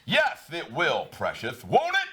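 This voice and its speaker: A man playing a creepy kidnapper who gives cold, slow commands. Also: on the high side, wildly swooping pitch, a crowd in the background, voice pushed down. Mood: menacing. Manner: slow, sinister, repetitive commands.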